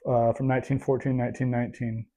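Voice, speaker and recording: A man's voice: mid-range voice, flat delivery, fast, warm tone. Rambling self-deprecating podcast man. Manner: rambling, self-deprecating, many fillers and restarts. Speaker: podcast co-host. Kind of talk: casual chat.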